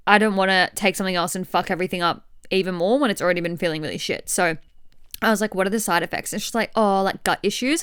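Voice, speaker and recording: A young woman in her twenties talks casually on her solo podcast. Her voice is smooth and clear, with a dry, close sound and no room echo. She swears freely and acts out conversations as she tells them. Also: medium pitch, quick pace. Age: 20s. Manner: chatty, swearing, animated retelling with quoted dialogue. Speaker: podcast host. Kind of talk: candid solo podcast chat.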